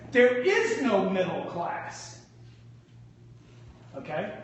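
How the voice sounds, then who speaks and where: A man in his fifties telling a story to a live audience as a motivational speaker, loud, brash and profane, often laughing. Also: sits high, a little hiss or hum. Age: 50s. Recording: echoey hall picked up from far off.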